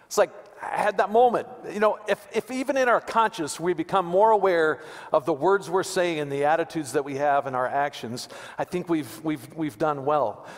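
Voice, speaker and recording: Brief: casual male pastor, fairly high voice, folksy repetitions, long sanctuary reverb. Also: moderate pace. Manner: conversational, repeats words, joking asides. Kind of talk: sermon. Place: church sanctuary.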